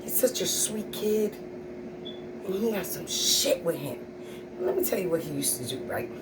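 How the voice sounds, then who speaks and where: A woman's voice: mid-range voice, expressive, normal speed, far from the mic, noisy background. A middle-aged woman comedian telling stories about her kids in a sassy, blunt, profane way. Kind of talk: stand-up storytelling.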